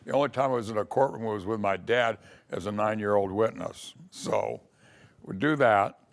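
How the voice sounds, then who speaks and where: In a lowish voice at normal speed, an older man looks back on his early years practicing law. Telling it casually as a story, he acts out the voices he quotes, like a spoken memoir.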